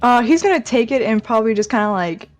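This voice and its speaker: A woman's voice: on the high side, expressive, fast talker, soft background music. A woman playing in a tabletop game, casually describing her character's actions and laughing often. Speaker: player.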